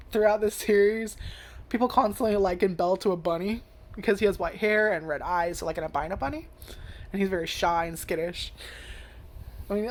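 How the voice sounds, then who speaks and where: A woman in a mid-range voice rambles through an anime review in a loose, casual way. She leans on fillers and curses freely, slipping into character lines as she recaps. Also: mid-range voice. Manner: lots of "like" and restarts.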